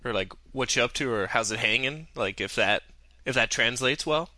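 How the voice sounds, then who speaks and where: A man's voice: mid-range voice, moderate pace, pushed and bright, no room sound. A young man in casual chat with a friend, teasing him with wry banter.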